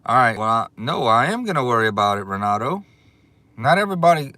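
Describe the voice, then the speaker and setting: A man hosting a casual livestream, excitable and drawling as he thanks his viewers over and over. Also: lowish voice, fast, no room sound. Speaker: livestream host. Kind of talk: casual live chat. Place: outdoors.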